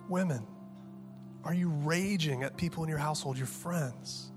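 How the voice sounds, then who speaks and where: A man in his thirties preaching a sermon with passion, dropping to hushed tones and then rising to loud, urgent peaks. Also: on the high side, moderate pace, music in the background. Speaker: pastor.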